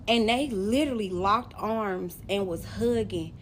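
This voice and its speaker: A young woman vlogger telling a personal story straight to camera, animated and emotional, speaking directly to her viewers. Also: mid-range voice, measured pace, hardly any pauses, background noise. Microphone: phone or camera facing the speaker.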